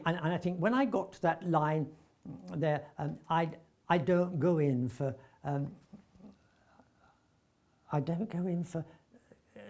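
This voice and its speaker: Husky older man telling stories. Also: high-pitched. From North London. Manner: animated storyteller, acts out dialogue, frequent stammered restarts. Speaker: veteran actor recalling his career. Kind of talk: anecdotal reminiscence.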